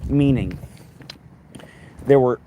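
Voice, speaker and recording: A man's voice: mid-range voice, drawn-out words, narrow, tinny audio. A man live streaming while walking outdoors on a city street, talking in a rambling, sarcastic and profane way into a handheld phone. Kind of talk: casual live stream chat. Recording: street traffic noise behind.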